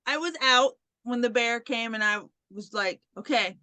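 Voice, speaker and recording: A woman's voice: on the high side, moderate pace, sharp tone, clear, resonant tone, no echo. A woman co-hosting a casual podcast chat, laughing often and retelling scenes with acted-out quotes. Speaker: podcast co-host.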